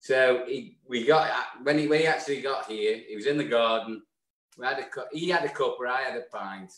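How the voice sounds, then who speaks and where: A man co-hosting a live online show, with a mid-pitched voice. He speaks effusively and with emphatic warmth toward his co-host, and his voice carries a roomy echo. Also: brisk.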